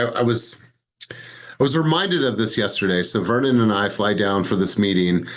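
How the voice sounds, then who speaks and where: A man, a sales coaching director, giving a motivational talk on a group video call, telling stories with growing, emphatic fervor. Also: lowish voice.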